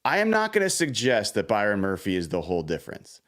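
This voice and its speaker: Excitable male sports-show host. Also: fast. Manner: animated, exclamatory, swings high when thrilled. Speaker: podcast host.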